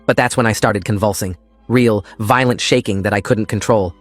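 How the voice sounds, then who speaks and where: A man narrating a first-person story in a calm, steady scripted style. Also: lowish voice, moderate pace, no echo, soft background music.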